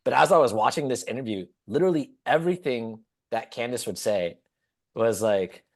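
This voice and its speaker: A man co-hosting a podcast, telling stories casually, laughing often and acting out quotes. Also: normal speed. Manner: animated storyteller, acts out quotes in high squeaky voices, laughs often. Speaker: podcast co-host.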